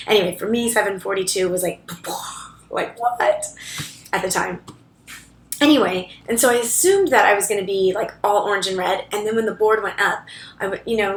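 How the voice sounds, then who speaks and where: A woman's voice: mid-range voice, fairly bright tone. A woman chatting casually to camera in a rambling way, with lots of fillers and restarts, recorded in a co-working office library. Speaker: vlogger. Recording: echoey room.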